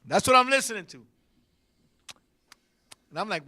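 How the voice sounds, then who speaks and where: A man hosting a talk show in a studio, telling a comedic story with loud bursts and laughing asides. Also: high voice, animated, moderate pace. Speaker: podcast host.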